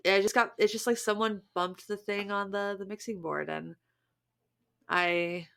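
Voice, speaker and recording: A woman in her thirties co-hosting a podcast in casual chat, talking in a chatty, animated way with frequent restarts and laughs. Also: mid-range voice, measured pace, creaky, smooth. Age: 30s. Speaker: podcast co-host and musician.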